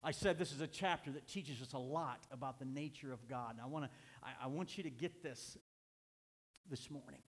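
A middle-aged man preaching a sermon as pastor, earnest, slowing down and lifting his voice to stress points. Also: medium pitch, long reverb tail. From United States.

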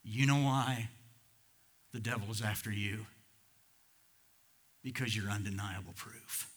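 A man's voice: lowish voice, a little slow. A male pastor preaching a sermon to his congregation at a church service, talking conversationally with chuckles and rising to fervent emphasis.

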